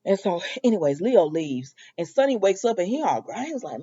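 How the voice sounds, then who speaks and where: Give me a chatty woman recapping a soap, mellow and a bit muffled. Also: medium pitch, a little fast, hardly any pauses, breathy edge. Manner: animated storytelling, sassy asides to characters. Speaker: soap opera recap vlogger. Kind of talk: casual recap with quoted dialogue.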